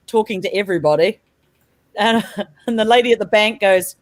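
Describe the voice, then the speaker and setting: A woman's voice: medium pitch, normal speed, dry recording. A woman from New Zealand with a New Zealand accent, co-hosting a casual podcast chat and laughing often as she tells stories. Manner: laughs often, animated storytelling. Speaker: podcast co-host.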